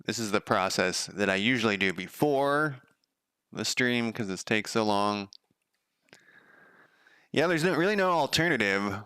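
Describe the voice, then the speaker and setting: A man's voice: fairly low pitch, lively intonation, measured pace, pauses often, pushed and bright, smooth, dry recording. A man streaming as a game developer, talking through his code in a loose, sardonic, profane ramble. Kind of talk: casual live coding commentary.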